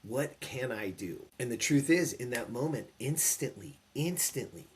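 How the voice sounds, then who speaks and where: A man in his fifties, a podcast guest, telling a personal story in an animated, emphatic way and acting out the quotes. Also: medium pitch, measured pace. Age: 50s. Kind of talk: storytelling in an interview.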